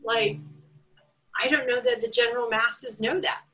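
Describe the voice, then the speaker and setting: A woman's voice: fairly high pitch, big pitch swings, normal speed, vocal fry, pushed and bright, poor audio. A woman hosting a casual interview, chatty and gushing, with lots of fillers. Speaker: host.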